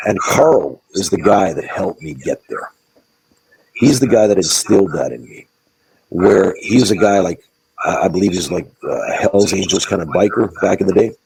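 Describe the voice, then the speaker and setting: A man with a very low voice full of gravelly fry tells stories bluntly and emphatically, swearing freely. He speaks as a guest in a wrestling interview and often restarts his sentences. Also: expressive, moderate pace, darkish tone, a little hiss or hum, poor audio. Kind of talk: candid interview storytelling.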